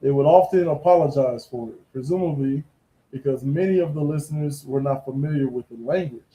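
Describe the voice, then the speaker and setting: A man's voice: mid-range voice, a little fast, warm tone, echoey room, low-quality recording. A man hosting a sports podcast, talking in a playful, chatty way. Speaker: podcast host. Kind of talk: casual sports talk.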